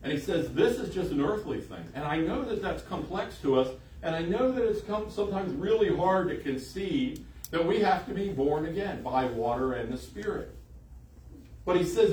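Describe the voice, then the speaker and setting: A man preaches with emphasis, driving home his points by repeating phrases. His voice sits slightly high and carries from a distance. The room around him rings with echo, and faint ambient noise sits beneath him. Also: expressive, normal speed, darkish tone. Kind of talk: sermon.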